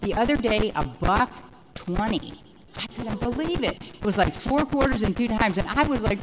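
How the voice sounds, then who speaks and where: A woman in her forties giving a personal recovery testimony, rambling and animated, with many fillers. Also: a little high, normal speed, very noisy. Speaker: speaker sharing recovery story.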